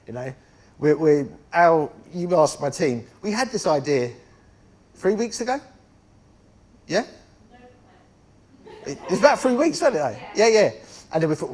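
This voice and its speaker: A middle-aged man giving an energetic, blunt talk to members of his network, swearing casually and making chatty asides. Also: on the high side, normal speed, long pauses. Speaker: estate agency network founder speaking to members. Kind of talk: conference talk.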